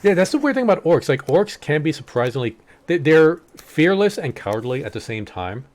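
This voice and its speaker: A man's voice: fairly high pitch, very animated, brisk, darkish tone. A man streaming a game and chatting casually, wandering through long lore explanations with plenty of fillers. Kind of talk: casual gaming chat.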